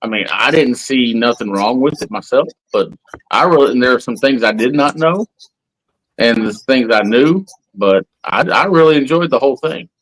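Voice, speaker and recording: A man from Texas, chatting casually as a guest in a rambling, halting, easygoing way. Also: medium pitch, expressive, poor audio. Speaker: podcast guest. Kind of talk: casual round-table chat.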